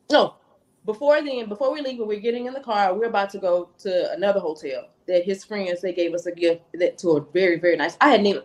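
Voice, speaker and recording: A woman telling a personal story on a podcast, acting out the voices in the dialogue she recalls. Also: on the low side. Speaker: podcast guest. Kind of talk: storytelling, casual chat.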